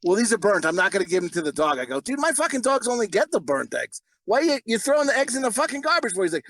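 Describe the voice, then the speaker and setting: Male podcast host, high-pitched, crude and rowdy joker, dry close mic. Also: big pitch swings, quick pace, hardly any pauses, a bit bright, dry recording. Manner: crude, rowdy, swears constantly. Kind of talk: casual podcast chat.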